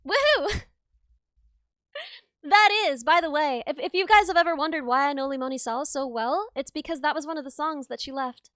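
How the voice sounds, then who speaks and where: A woman streamer chatting casually with her live viewers, bubbly and excitable, gushing and thanking people as she goes. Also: high voice, dry recording, studio quality. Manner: bubbly and excitable, quick to gush and laugh.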